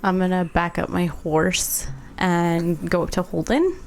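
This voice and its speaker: A woman's voice: fairly low pitch, steady tone, unhurried, slight background noise. A woman playing a tabletop game, asking curious questions and speaking her character's lines. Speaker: player. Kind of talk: casual tabletop role-play.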